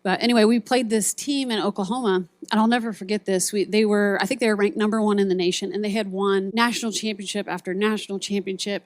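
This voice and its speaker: A woman's voice: medium pitch, no room sound. Woman preaching a retreat message, dry close sound. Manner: storytelling, acts out quoted voices and buzzer sounds. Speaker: speaker at a ministry retreat. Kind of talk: sermon.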